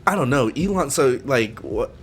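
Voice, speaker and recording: A man's voice: medium pitch, lively intonation, moderate pace, slight background noise. A man co-hosting a casual podcast chat, explaining things at length with lots of fillers. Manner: rambling explainer, many fillers. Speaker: podcast co-host.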